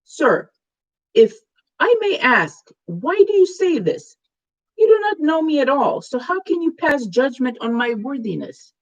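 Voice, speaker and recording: A woman's voice: high-pitched, sing-song, unhurried, dull audio, pitched above the performer's own voice, full character voice. A woman reading the part of an earnest young male traveler who speaks carefully with a stumbling foreign accent. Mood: pleading.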